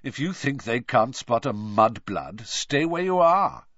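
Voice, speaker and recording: A man's voice: mid-range voice, expressive, measured pace, fairly bright tone, no room sound. Man voicing a sneering teen boy wizard, lazy drawl, mocking, dry close sound, dull lo-fi tone.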